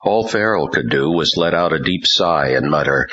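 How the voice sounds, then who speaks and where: A man narrating an audiobook in a measured, unhurried way. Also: a bass voice, pushed and bright, husky, highs cut off. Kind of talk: scripted narration.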